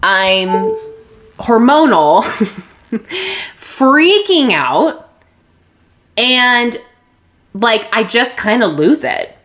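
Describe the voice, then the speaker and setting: A woman podcast host candidly telling a personal story, open and emotional, with restarts and soft laughs. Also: fairly high pitch, big pitch swings, very slow, pauses often.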